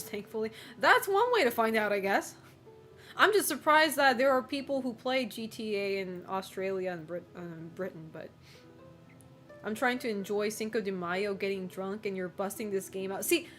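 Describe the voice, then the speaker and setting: Laughing, teasing streamer woman, fairly high voice. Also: a bit bright. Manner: teasing, laughs often, swears freely. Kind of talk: casual chat reading and answering live chat.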